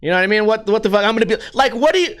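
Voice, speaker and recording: A middle-aged man with a fairly high voice tells a long story in a casual vlog. He rambles and swears freely, with an animated, storytelling delivery. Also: racing. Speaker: vlogger.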